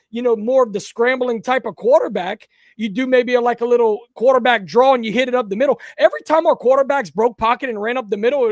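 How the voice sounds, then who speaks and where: A man's voice: very high voice, no room sound, clean studio sound. A man, co-hosting a casual sports talk podcast, emphatic and repeating himself when fired up. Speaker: podcast co-host.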